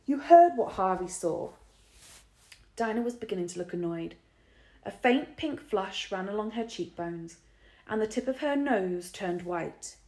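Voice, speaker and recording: A woman reads a children's story aloud, expressive and measured. Her pitch moves in a lively way. The recording has a roomy echo. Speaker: narrator. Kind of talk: storybook reading.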